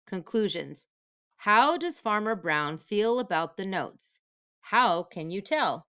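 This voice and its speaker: A woman's voice: mid-range voice, big pitch swings, slow pace, sharp tone, clean tone, dry recording, highs cut off. A woman teacher reading a picture book aloud at home, telling the story expressively and stopping for comprehension questions.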